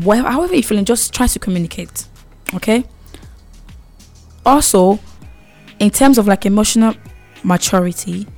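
A young woman with a mid-pitched voice talks straight to her viewers about growing up. She is emphatic and repeats key words. She keeps checking in with a quick "okay?", and faint music plays underneath. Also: darkish tone. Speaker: vlogger. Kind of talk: casual advice monologue.

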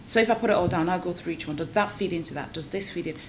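A middle-aged woman, a guest entrepreneur, chatting casually and telling animated stories full of quoted voices. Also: lowish voice, very fast, a little hiss or hum, poor audio. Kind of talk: casual podcast chat.

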